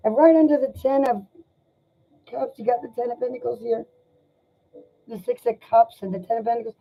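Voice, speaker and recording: A woman doing a live tarot reading, speaking in an emotional, sympathetic and halting way. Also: fairly high pitch, husky. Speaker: tarot reader. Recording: dull lo-fi sound.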